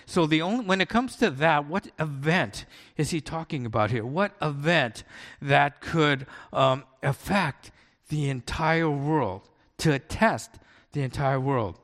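A man's voice: on the high side, fairly bright tone. A male pastor preaching a sermon in a conversational storytelling manner, often checking in with listeners. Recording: long hall reverb.

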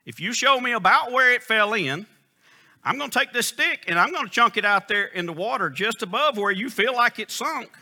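A self-assured prophet explains step by step what he will do, as a preacher voices him. The tone is bright and lively. The manner is matter-of-fact. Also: high-pitched, normal speed, voice pushed up, heavily acted. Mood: confident. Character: prophet Elisha, confident older man with a plan.

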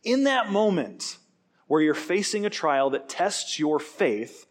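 A man preaching a sermon, telling stories in an animated way and acting out quoted lines. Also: fairly high pitch, slow. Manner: animated storytelling with acted quotes. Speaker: pastor.

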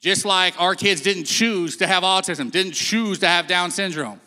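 A man's voice: high-pitched, unhurried, pushed and bright. A man telling a Bible story on stage in a casual, storytelling way, acting out the quotes. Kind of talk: sermon-style talk. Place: stage in a large hall. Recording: long hall reverb.

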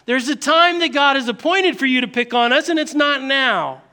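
A man's voice: very high-pitched, animated, normal speed, sharp tone, pitched above the performer's own voice, exaggerated voice. A man voicing a pair of whining demons who complain and plead with someone stronger than them. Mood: whining protest. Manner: whiny, complaining protest.

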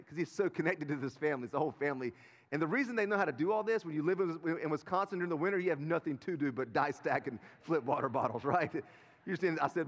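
Pastor preaching in a reverberant church. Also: male voice, a little high, fast talker. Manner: storytelling, conversational with the congregation. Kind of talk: sermon. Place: large church sanctuary. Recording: live sermon in a reverberant sanctuary.

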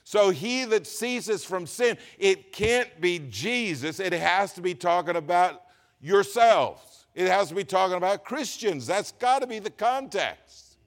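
A man preaching a sermon as pastor, reading scripture slowly and swinging between loud emphatic lines and quiet asides. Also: high voice, expressive. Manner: reads scripture slowly with stress.

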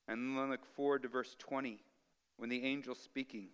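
Male pastor, bright crisp voice, dramatic hushed-to-emphatic delivery, long reverb of a large hall. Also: mid-range voice, moderate pace. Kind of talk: sermon.

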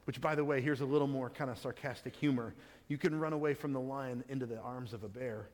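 A man's voice: mid-range voice, a little fast. A man preaching a sermon, reading scripture aloud and then explaining it in plain conversational words. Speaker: pastor. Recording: long hall reverb.

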